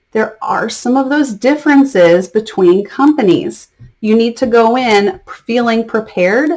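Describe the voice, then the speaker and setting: A woman with a mid-range voice talks straight to her viewers in a casual advice vlog. She is friendly and chatty and stresses key words. She keeps checking in with a quick "okay?". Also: mid-range voice, darkish tone. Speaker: online ESL teacher and mentor.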